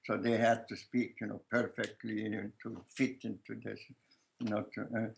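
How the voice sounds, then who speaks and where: An older man with a strong Lithuanian accent, a filmmaker answering interview questions in a halting way, searching for words and often restarting, with soft laughs. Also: fairly low pitch, little pitch movement, gravelly, slight background noise, low-quality recording. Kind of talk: casual conversation.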